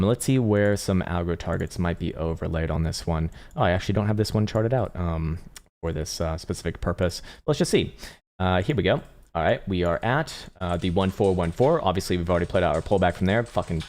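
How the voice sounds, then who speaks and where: A man with a low voice talks quickly through live market charts. He rambles, restarts his sentences and swears casually, like an easygoing streamer. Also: darkish tone. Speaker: crypto chart analyst and livestream host.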